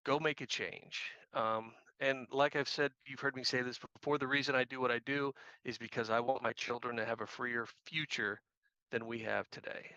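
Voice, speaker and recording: A man's voice: medium pitch, fairly even intonation, moderate pace, sharp tone, no echo, lo-fi sound. A man, a guest activist trainer, telling casual self-deprecating anecdotes and repeating phrases for emphasis. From Missouri. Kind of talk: casual storytelling.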